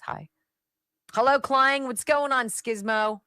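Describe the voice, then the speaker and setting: A woman's voice: fairly high pitch, very animated, a little slow, a bit bright, no room sound. A woman hosting a talk radio show, giving sarcastic political commentary and chatting with her live audience. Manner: sarcastic and chatty, drops to asides.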